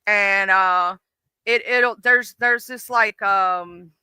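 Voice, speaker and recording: Bright, chatty live-stream host woman. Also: mid-range voice, very slow, clean tone, dry recording. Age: middle-aged. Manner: rambling, many fillers and restarts. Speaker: livestream host. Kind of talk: casual live-stream chat.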